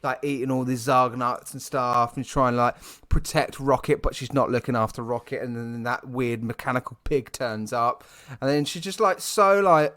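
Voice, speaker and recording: Animated British man ranting about a film. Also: medium pitch, moderate pace. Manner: animated, ranting, with many restarts. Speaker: podcast co-host. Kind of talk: casual film review chat.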